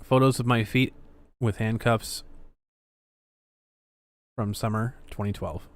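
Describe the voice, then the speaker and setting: A man's voice: lowish voice, fairly even intonation, slow pace. A man hosting a casual livestream, reading viewer messages aloud with sarcastic, swearing commentary. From Canada. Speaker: livestream host.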